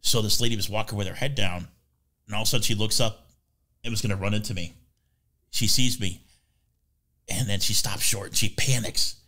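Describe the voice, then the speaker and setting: A man co-hosting a podcast, telling animated stories in casual chat. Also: on the low side, normal speed, poor audio. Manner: animated storyteller, does quoted voices. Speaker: podcast co-host.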